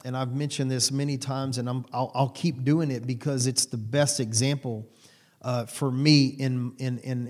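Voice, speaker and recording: A man's voice: medium pitch, a little mellow. Man preaching in a loose, rambling way. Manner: conversational, rambling with restarts and asides. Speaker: pastor. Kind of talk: sermon.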